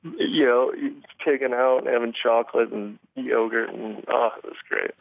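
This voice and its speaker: A man on a phone call, his voice gravelly and low in fry. He talks in halting bursts, restarting sentences and chuckling between thoughts. The line is tinny and narrow, and the sound is dry. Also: steady tone, no room sound. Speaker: MMA fighter guest. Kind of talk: phone interview.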